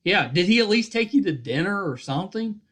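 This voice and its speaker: A man's voice: sits high, big pitch swings, a little fast, a bit bright, breathy edge. A man hosting a podcast interview, friendly and affirming, asking follow-up questions. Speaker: podcast host. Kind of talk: casual interview.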